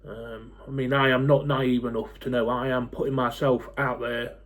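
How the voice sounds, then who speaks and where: Speaking in a level, mid-range voice, this man in his forties runs a football fan YouTube channel. He addresses the camera in a fed-up, blunt rant, swearing freely and filling pauses with plenty of ums.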